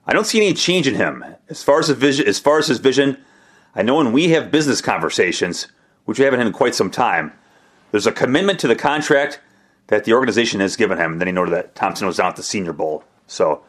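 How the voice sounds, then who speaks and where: A man's voice: mid-range voice, a bit bright. A male podcast host with a mid-range voice talks through a coach's press conference in a loose, casual way. He reads quotes aloud and slips in dry, self-mocking jokes. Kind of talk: casual sports podcast recap.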